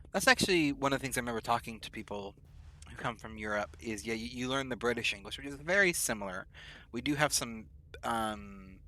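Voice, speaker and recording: A man's voice: mid-range voice, bright, forceful tone. A man, streaming a game and chatting in a rambling, easygoing way. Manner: rambling and chatty, lots of fillers. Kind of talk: casual chat while gaming.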